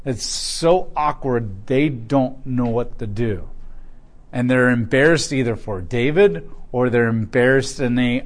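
A man's voice: mid-range voice, moderate pace. Conversational male Bible teacher. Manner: conversational, blunt asides between readings.

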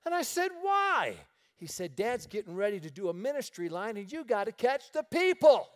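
A middle-aged man preaching, telling lively stories and laughing his way through them. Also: high-pitched, fairly quick. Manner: animated storyteller, laughing through his anecdotes. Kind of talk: storytelling sermon.

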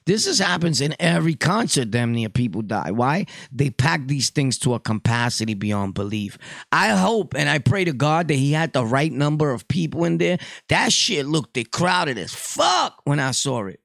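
A man's voice: a little high, sing-song, normal speed, gravelly, a bit bright, no room sound, clean studio sound. A Puerto Rican man hosting a podcast, delivering a blunt, profane casual monologue. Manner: blunt, profane street talk. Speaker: podcast host.

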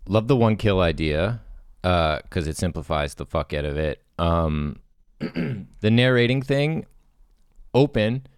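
Guy with a real deep smooth voice, chill, talking ideas thru, swears a bit. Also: slow pace, dry recording, studio quality. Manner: relaxed, thoughtful, casual swearing. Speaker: podcast co-host. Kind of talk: casual brainstorming chat.

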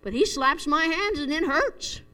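A woman's voice: high-pitched, expressive, measured pace, pushed and bright. A middle-aged woman preaching a conversational sermon, earnest and storytelling, with chuckles at herself. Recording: echoey hall reverb.

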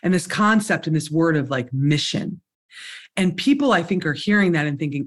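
An excitable podcast host who talks with emphatic, effusive energy. The delivery gushes and spills over with enthusiasm as the host responds. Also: medium pitch, brisk. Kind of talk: podcast interview.

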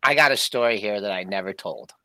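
Bright-voiced older man telling a story. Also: lowish voice, quick pace, dry recording. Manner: storytelling, animated when quoting. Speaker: co-host. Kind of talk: casual chat.

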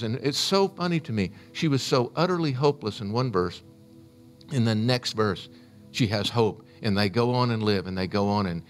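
A man preaching with a lowish voice, retelling a scripture story with earnest feeling. Faint music plays quietly underneath his sermon.

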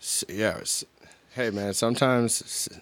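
Deep-voiced dude cohosting a chill podcast, cracking jokes, dry mic. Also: male voice, fairly even intonation, unhurried, fairly bright tone, no room sound. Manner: joking, self-aware banter. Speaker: podcast co-host. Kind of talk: casual chat.

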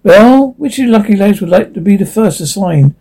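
A man's voice: high-pitched, lively intonation, fairly quick, dark tone, husky, heavily acted. A man voicing a pompous, scheming male solicitor who makes grand proclamations.

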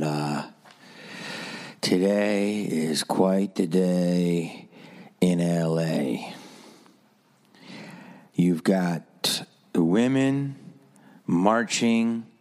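A man's voice: low voice, darkish tone. A man hosting a solo podcast, rambling through stories with a sarcastic edge. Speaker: podcast host.

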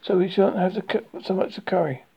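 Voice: medium pitch, a little fast, vocal fry, breathy edge, muffled recording. Christopher Robin, a reader doing an earnest boy leader. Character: young boy leading an expedition.

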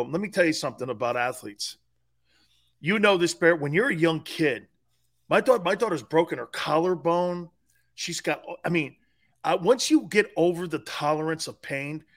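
Here a sports radio co-host with a fairly high-pitched voice talks at a moderate pace. He narrates stories animatedly on the talk show, dropping "man" and "dude" along the way.

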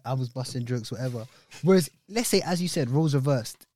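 A man's voice: medium pitch, animated, brisk, warm tone. A young man, co-hosting a podcast and earnestly arguing his point in casual chat. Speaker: podcast co-host.

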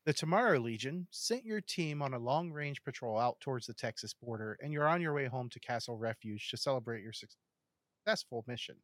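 A man running a tabletop game as game master, describing scenes in a steady narrating voice with casual asides to the players. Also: mid-range voice, brisk, no echo, studio quality.

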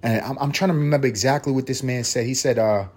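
Animated young man telling a story. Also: fast talker. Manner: animated, swings pitch and loudness when telling stories. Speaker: podcast host. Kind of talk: casual solo storytelling.

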